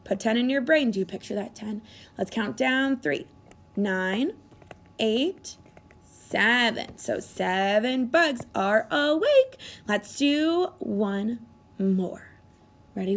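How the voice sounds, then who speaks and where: A woman teaching a math lesson to young children, speaking in an animated sing-song way and gasping with exaggerated delight as she coaxes answers from them. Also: on the high side, unhurried, gravelly. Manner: coaxing, encouraging questions to children. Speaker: kindergarten teacher.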